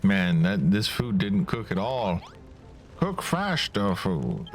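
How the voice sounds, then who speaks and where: A man's voice: sits low, big pitch swings, slow pace, faint music behind. A male streamer who mutters casual commentary to himself while playing a game. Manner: mutters to himself, self-commentary between read lines.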